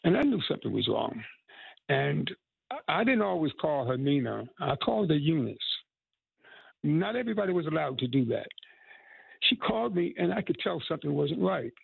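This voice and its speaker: Gravelly, husky man in his eighties. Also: a little high, very animated, normal speed, pauses often, no room sound, phone-quality sound. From North Carolina. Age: 80s. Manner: earnest, heartfelt storytelling. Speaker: musician and activist. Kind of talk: interview.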